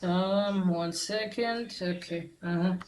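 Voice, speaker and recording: A woman casually recapping a story aloud, halting with many fillers and restarts. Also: on the low side, a little mellow, a little hiss or hum, poor audio.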